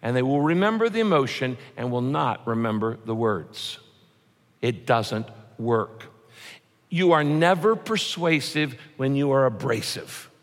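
A man preaching a sermon as a pastor, punchy and animated, with quick rhymes and mock quotes. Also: a little high, long reverb tail.

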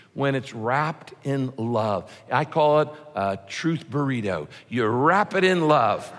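A man preaching a sermon as a pastor, punchy and animated, with quick rhymes and mock quotes. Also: on the high side, in a large hall.

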